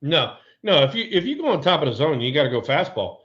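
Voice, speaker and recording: Male co-host, animated storyteller, a bit high-pitched, muffled low-fi audio. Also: fast talker. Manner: animated storyteller, laughs often. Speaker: co-host, former ballplayer. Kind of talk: casual baseball chat.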